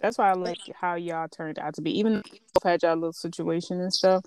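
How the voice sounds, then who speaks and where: A young woman hosting a casual chat, talking candidly and telling animated stories in which she quotes other people. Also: on the low side, fast, a loud crowd.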